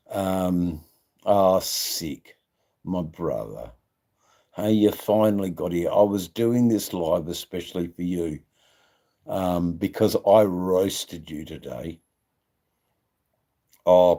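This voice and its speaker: A man's voice: low voice, vocal fry, dark tone. A man hosting his own live stream, rambling in a crude, jokey way with lots of ums and laughs. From Australia. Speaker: livestream host. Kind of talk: casual live-stream chat.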